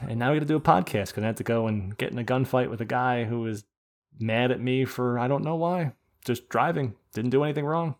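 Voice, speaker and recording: A man from the United States telling an animated, profane rant on a casual podcast. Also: medium pitch, fairly quick. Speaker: podcast host. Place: podcast studio.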